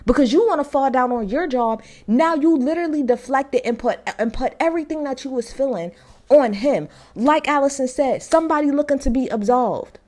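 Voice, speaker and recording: Animated woman ranting about a show. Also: sits high. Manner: animated, emphatic, slangy storytelling. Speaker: TV show reviewer. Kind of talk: ranting episode recap.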